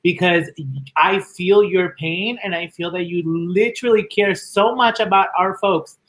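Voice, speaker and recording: A man's voice: sits high, fairly even intonation, measured pace, a bit bright. A man hosting a talk show, effusive and calling his guests honey. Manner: effusive, calls people honey. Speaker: host.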